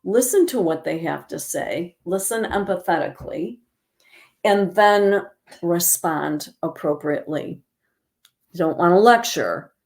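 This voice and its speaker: A woman presenting a calm educational talk on caregiving, modeling gentle phrases to use with loved ones. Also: on the low side, a little slow.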